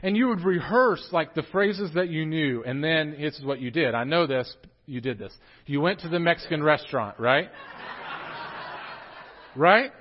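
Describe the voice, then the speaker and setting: Joking preacher, muffled sound. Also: male voice, on the high side, measured pace. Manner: joking, animated, talks straight to the congregation. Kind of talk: casual sermon with humor. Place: church sanctuary.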